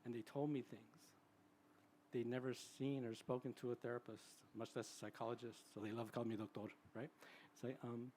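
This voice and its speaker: A psychologist in his sixties speaks at a live event in a conversational way, mid-pitched and relaxed. He keeps checking in with the room by asking "right?". Faint venue ambience sits behind his voice. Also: fairly quick, slight background noise. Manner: chatty, tags sentences with "right?". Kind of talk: conversational public talk.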